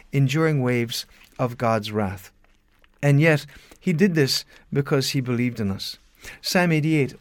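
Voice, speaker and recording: A man's voice: mid-range voice, no room sound, studio quality. A male pastor giving a radio sermon, reading scripture in an earnest, emphatic way.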